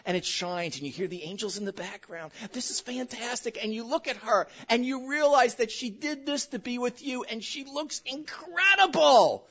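A woman pastor preaches with a bright, swooping voice that climbs and dips all the time. She tells joking stories right at her congregation. The recording sounds a little muffled. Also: fairly high pitch, moderate pace, few pauses. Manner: animated, joking storytelling addressed to the congregation. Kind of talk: sermon.

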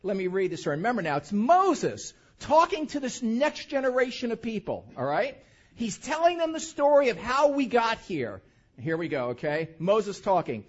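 A male pastor preaching a sermon, reading scripture with animated, enthusiastic emphasis and then leading a prayer. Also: sits high, normal speed. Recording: dull lo-fi sound.

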